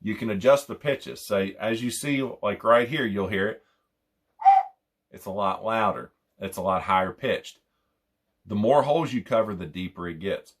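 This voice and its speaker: A man's voice: on the low side, normal speed. Rambling man explaining hunting calls. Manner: rambling, repeats phrases, imitates owl hoots. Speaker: hunting call instructor. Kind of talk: casual how-to demonstration.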